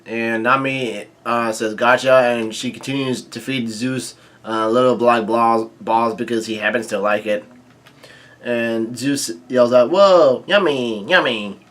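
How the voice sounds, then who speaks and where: A man casually reading a comic chapter aloud, quoting lines and adding his own quick asides. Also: mid-range voice, flat delivery, a bit bright. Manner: reads quoted lines aloud with brief reactions and asides, many fillers. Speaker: manga reading commentator.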